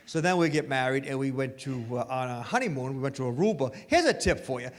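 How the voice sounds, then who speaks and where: A man doing stand-up comedy on stage, animated and acting out voices. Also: mid-range voice, fast, slight background noise. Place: stage in a hall. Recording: live stage hall reverb.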